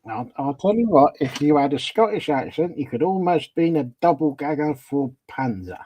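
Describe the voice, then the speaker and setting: Teasing British man with a mellow voice. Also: on the high side, expressive, normal speed, husky, rough recording. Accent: British English. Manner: teasing, dry wisecracks. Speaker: co-host. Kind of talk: casual chat.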